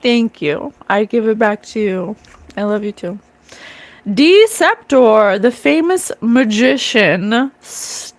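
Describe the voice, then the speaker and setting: A woman's voice: a little high, lively intonation, takes it slowly, dry recording. A middle-aged woman doing a live psychic card reading, talking earnestly and emotionally to her viewers. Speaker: psychic medium streamer. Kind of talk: live-stream card reading, casual talk.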